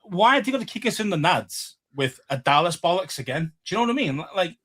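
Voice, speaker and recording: A man's voice: high voice, sing-song, fast talker, a bit bright. A man with a Liverpool Scouse accent, co-hosting a casual sports podcast, rambling and swearing freely with many fillers. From England. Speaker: podcast co-host.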